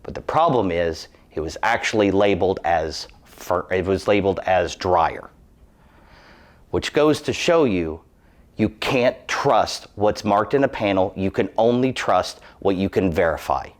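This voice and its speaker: Deep-voiced earnest man telling a safety story. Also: lively intonation, measured pace. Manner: earnest, emphatic and cautionary. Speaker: employee giving a safety testimonial. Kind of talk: personal testimonial story.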